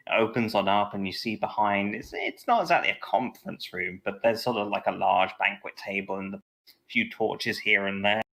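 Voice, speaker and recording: A man's voice: lowish voice, normal speed, vocal fry, bright, forceful tone. A man narrating a tabletop game as game master, hesitant and full of fillers. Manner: hesitant, many fillers and "sort of".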